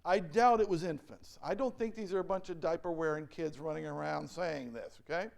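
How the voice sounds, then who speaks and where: High-voiced pastor preaching. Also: male voice, brisk, gravelly, a little mellow. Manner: asks the congregation questions and acts out quoted voices; reads scripture aloud. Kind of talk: sermon. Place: church.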